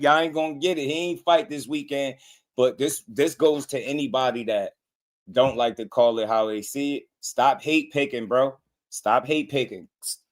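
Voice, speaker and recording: A man with a New Jersey accent hosting a casual boxing livestream, laughing often and chatting in relaxed slang with his viewers. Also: mid-range voice.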